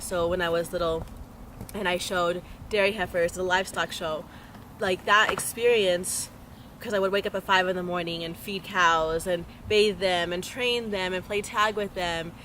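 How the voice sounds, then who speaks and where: A woman's voice: medium pitch, background noise. A young woman, a state legislator, telling stories in an interview and acting out the voices of the people in them. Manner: animated anecdote-teller, acts out quoted voices. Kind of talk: interview storytelling.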